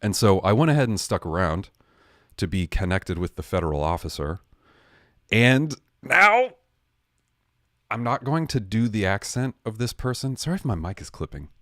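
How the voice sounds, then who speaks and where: He's a livestream host with a low, expressive voice that runs a little fast, ranting through a story with sarcastic humor and frequent self-corrections. Audio is studio quality, without echo.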